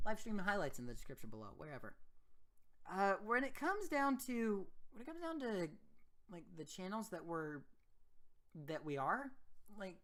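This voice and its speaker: A man's voice: high-pitched, a bit bright. A man giving a casual vlog monologue as a gaming YouTuber, rambling and often restarting his sentences mid-thought.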